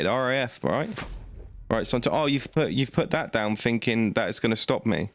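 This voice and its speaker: A man's voice: medium pitch, expressive, normal speed. A man, giving cocky, trash-talking commentary as he plays a card game. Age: late 20s. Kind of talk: gameplay commentary.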